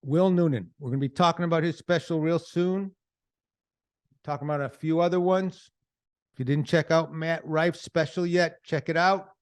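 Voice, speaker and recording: A man's voice: fairly high pitch, steady tone, moderate pace, clear, resonant tone. A man hosting a podcast, enthusiastically plugging comedy specials. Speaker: podcast host. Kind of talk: podcast promo segment.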